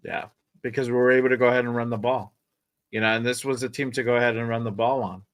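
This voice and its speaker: A man's voice: medium pitch, fairly even intonation, fast talker. A man hosting a sports podcast, talking in a loose, rambling way, swearing and repeating himself. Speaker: podcast host. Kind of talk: casual sports podcast chat.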